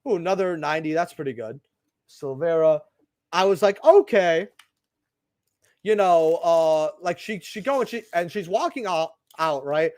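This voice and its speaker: Young male host, high and highly animated, rambling casual storyteller, dry close recording. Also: moderate pace, no echo. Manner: rambling, animated, lots of "right?" and asides. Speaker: channel host opening trading cards. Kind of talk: casual storytelling while opening packs.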